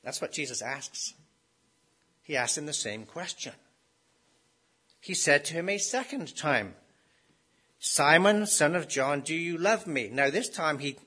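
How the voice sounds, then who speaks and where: A man's voice: on the high side, pushed and bright, slightly rough. A man preaching a sermon in a conversational way, often asking his listeners rhetorical questions.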